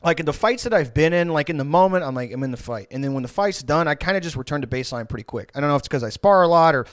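A man's voice: fairly high pitch, very fast, no room sound, studio quality. A man telling a story casually as a podcast guest, rambling and profane, with lots of fillers. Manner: profane, rambling, animated retelling.

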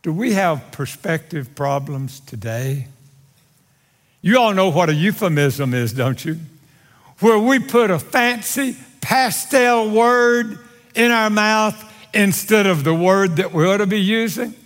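A man preaching a sermon to his congregation, with a dramatic, drawn-out delivery and wry humor aimed at his listeners. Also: fairly bright tone. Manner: dramatic, drawn-out delivery with bold swings in pitch and volume. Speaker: pastor. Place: church sanctuary. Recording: long hall reverb from a large sanctuary.

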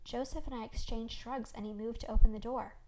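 A woman host reads her own story in the first person, expressive and scripted. Her voice sits somewhat high. Each scene is told with clear, lively storytelling. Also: a little fast. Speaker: podcast host. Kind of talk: scripted narration.

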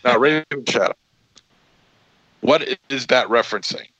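A man co-hosting a podcast, telling things in a playful, lively way. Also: mid-range voice, normal speed, dry recording, lo-fi sound. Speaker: podcast co-host. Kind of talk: casual podcast banter.

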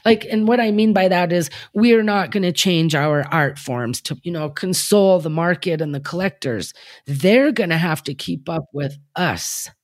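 Brief: woman in her fifties, fairly low voice, reflective guest who wanders through her thoughts with lots of fillers. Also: normal speed, dry recording, clean studio sound. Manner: thoughtful, rambling with frequent fillers. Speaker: artist guest. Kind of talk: reflective interview talk.

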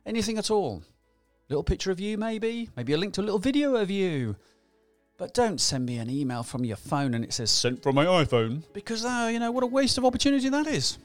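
Energetic chatty man, high voice. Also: brisk, no echo, faint music behind. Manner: chatty, energetic, rhetorical questions, acts out examples. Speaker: business trainer. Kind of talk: motivational business talk.

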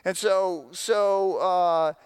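Smooth, candid storytelling preacher. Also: male voice, sits high, steady tone, very slow, no room sound. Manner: conversational storytelling, candid and self-deprecating. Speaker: pastor. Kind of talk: sermon.

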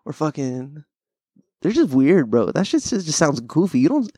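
A man's voice: on the high side, big pitch swings, moderate pace, warm tone, slightly rough, no room sound, studio quality. A young man hosting a podcast, chatting casually in a rambling, profane way, laughing often. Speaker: podcast host. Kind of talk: casual chat.

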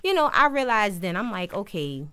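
A woman's voice: mid-range voice, moderate pace, clean tone. A young woman hosting a podcast, chatting casually and acting out the voices of people in her stories. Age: young adult. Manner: animated storyteller, acts out quoted voices. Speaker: podcast host. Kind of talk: casual conversation.

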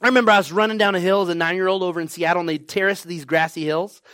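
A man's voice: high voice, fairly even intonation, racing, a bit bright, dry recording. A man preaching a sermon to his congregation, exhorting them and asking "right?" and "come on now" over and over. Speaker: pastor.

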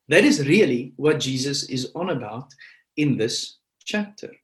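A man preaching a sermon as pastor, with an emphatic, animated delivery. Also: medium pitch, measured pace. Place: church. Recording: echoey church room.

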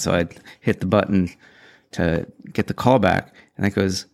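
A man's voice: on the low side, fairly quick, creaky. A man casually telling a rambling, exasperated story about his weekend, with self-deprecating asides. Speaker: vlogger telling a personal story.

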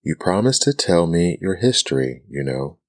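Man doing a polite young girl, whispered role-play, earnest, very deep voice, dry close sound. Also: big pitch swings, moderate pace, no echo. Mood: curious.

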